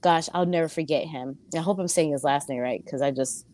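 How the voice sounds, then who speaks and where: A woman who wrestles and sings, a guest on an interview show, telling stories casually and acting out other people's voices. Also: brisk. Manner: animated, acts out voices with big pitch jumps. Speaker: pro wrestler and singer, guest.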